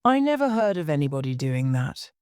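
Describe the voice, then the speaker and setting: A woman's voice: sits low, very animated, brisk, darkish tone, smooth, no echo, clean studio sound. A woman voicing a curious, polite young girl who asks puzzled questions.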